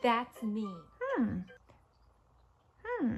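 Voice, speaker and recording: A woman's voice: on the high side, very animated, extremely slow, pauses often. A woman hosting a preschool show, talking to toddlers in an exaggerated, sing-song way as she teaches and reads aloud. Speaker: children's show host.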